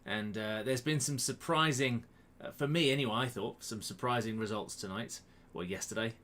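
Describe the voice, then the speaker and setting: This quiz host talks at a moderate pace in a medium-pitched, fairly bright voice. Streaming live from a room at home on a webcam held close to his face, he keeps the chat casual, greeting viewers by name with self-mocking humor.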